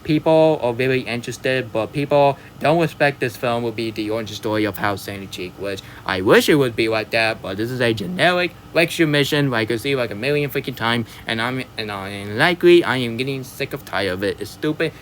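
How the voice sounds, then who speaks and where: A man's voice: mid-range voice, fairly quick, hardly any pauses, fairly bright tone, a little hiss or hum. A man delivering a rambling, ranting movie review vlog, repeating himself and often apologizing. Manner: exaggerated whooping yee-haw sign-off.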